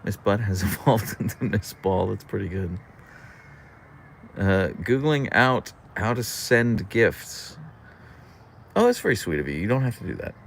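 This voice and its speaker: A man with a low, gravelly voice hosts a casual livestream outdoors on a deck, reading out and answering viewer comments. His pitch swings up and down a lot as he talks, and faint traffic hums in the background. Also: very animated, a little slow. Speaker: livestream host. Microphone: camera on a tripod.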